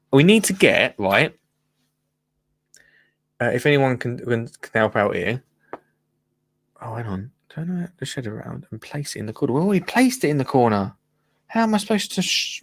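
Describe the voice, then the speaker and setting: A man hosting a live gardening phone-in show, chatting casually and rambling excitedly with listeners. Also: mid-range voice. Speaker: gardening podcast host.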